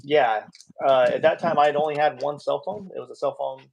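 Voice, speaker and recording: A man who is a live streamer, rambling in a casual interview and getting animated when excited. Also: a little high, fairly quick, gravelly, dull audio, background noise.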